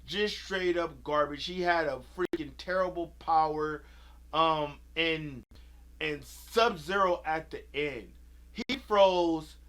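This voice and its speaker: A man's voice: fairly high pitch, a bit bright. A man giving an angry, profane rant about a movie, repeating himself as he vents. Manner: heated, profane, repetitive ranting. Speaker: video creator.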